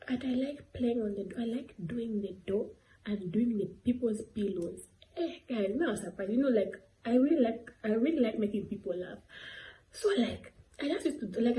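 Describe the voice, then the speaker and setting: A woman's voice: mid-range voice, warm tone, a little hiss or hum, poor audio. A teenage girl vlogging, telling a rambling story full of fillers and giggly asides. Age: late teens. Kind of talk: casual storytelling vlog.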